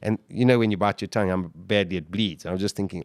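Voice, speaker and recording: A man, a podcast guest, telling his survival story in an animated way, full of restarts and repeated words. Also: low-pitched, fast talker, no room sound, clean studio sound. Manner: vivid, animated retelling with restarts. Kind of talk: interview storytelling.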